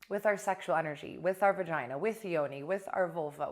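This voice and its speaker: A young adult woman coach talking casually to camera in a blunt, animated way, swearing now and then. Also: lowish voice, fairly quick, hardly any pauses. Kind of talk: casual direct-to-camera talk.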